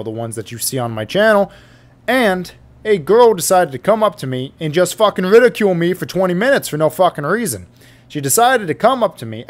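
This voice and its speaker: A young man vlogging to a boom-armed mic with a pop filter, telling a story in a profane, exasperated rant. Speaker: YouTuber. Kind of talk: ranting storytime vlog. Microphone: studio mic on an arm with pop filter.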